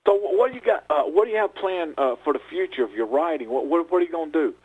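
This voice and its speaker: A male radio host with a husky, slightly raised voice, asking casual questions and restarting them as he goes. The sound is dry, with faint music underneath. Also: fairly high pitch, expressive, quick pace, dry recording, phone-quality sound. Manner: warm, repetitive, stumbling questions.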